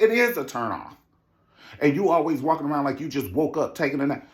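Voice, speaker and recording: A man giving a sassy, profane recap rant about a reality show, with a lively, animated delivery. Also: brisk. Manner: animated, sassy, swings into mocking high impressions. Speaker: reality TV commentator.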